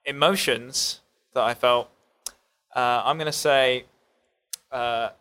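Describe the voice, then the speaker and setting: Male podcast host, casual, slow-talking and hesitant, mid-pitched voice. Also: fairly even intonation, bright, forceful tone, smooth. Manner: slow, hesitant, with filler pauses. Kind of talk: casual chat.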